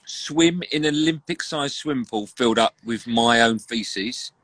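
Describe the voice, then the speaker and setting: A host chats on a live video stream, spinning jokey anecdotes. His voice sits at a middling pitch. The sound is dry and close, with no room echo. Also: fairly bright tone. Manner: jokey storyteller, brisk anecdotes. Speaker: radio host. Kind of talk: casual live-stream chat. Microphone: online live video call.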